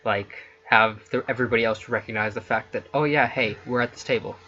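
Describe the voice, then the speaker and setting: A man's voice: medium pitch, fairly even intonation, a little fast, sharp tone, dull audio. A man hosting a let's play, reading interactive fiction aloud between casual chat with his co-player. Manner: reads story text then chats casually.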